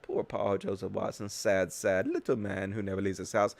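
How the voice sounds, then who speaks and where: A man's voice: fairly low pitch, animated, moderate pace, gravelly, no echo. A man hosting a political commentary show, talking in a sarcastic, mocking and profane way. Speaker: host.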